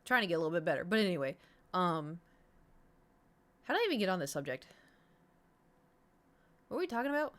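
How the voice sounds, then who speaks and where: A woman's voice: on the low side, very animated, a little fast, long pauses. A young adult woman streamer telling a rambling story in casual chat, swearing freely. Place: home room.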